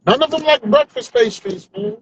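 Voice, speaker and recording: A man's voice: extremely high pitch, very animated, moderate pace, gravelly, lo-fi sound, background noise. A male comedian trying out new stand-up jokes without notes, rambling and talking to himself, often ending lines with "man". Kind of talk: stream-of-consciousness stand-up practice. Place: car on commute.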